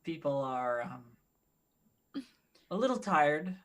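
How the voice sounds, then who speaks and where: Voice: mid-range voice, very animated, extremely slow. A player in a tabletop game, bantering wryly and speaking in character. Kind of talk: tabletop game role-play.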